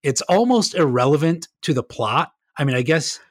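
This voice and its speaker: Excitable man rambling about movies. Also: on the high side, normal speed, no echo, studio quality. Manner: enthusiastic rambling storyteller, laughs often. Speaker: podcast guest. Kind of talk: casual chat.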